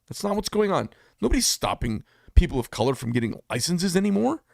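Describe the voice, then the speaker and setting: A man's voice: on the high side, vocal fry, no echo, clean studio sound. A man and business owner giving a blunt, heated casual monologue, telling a story with asides. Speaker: business owner talking to camera.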